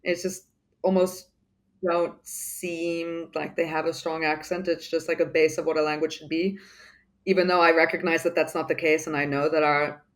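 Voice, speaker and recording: A woman from the United Kingdom with a mixed English accent speaks in a low voice at a moderate pace, her tone level. She's a guest in an interview, chatting casually and rambling, full of fillers and restarts.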